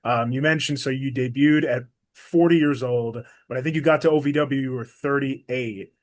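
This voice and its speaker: A man hosting an interview with an eager, enthusiastic manner. His voice sits at a plain middle pitch as he asks his guest one question after another. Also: normal speed. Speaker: podcast host.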